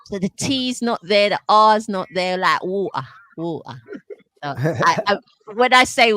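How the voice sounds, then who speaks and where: A woman's voice: mid-range voice, expressive, unhurried, bright, forceful tone. A woman with a South London accent hosting a casual radio panel chat, chatty and laughing, with stumbling restarts. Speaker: radio host.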